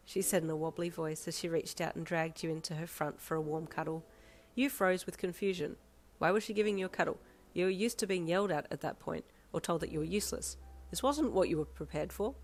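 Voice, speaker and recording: A woman reading a fanfiction story aloud in second person, with calm, even storytelling. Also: lowish voice, a little fast, a little hiss or hum. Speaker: fanfiction reader.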